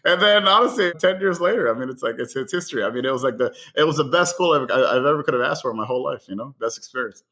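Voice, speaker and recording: A man from Guatemala, a chef guest on a podcast, telling anecdotes in an excitable way, acting out quoted voices and laughing often. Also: mid-range voice, very fast, few pauses. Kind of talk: animated anecdotal storytelling.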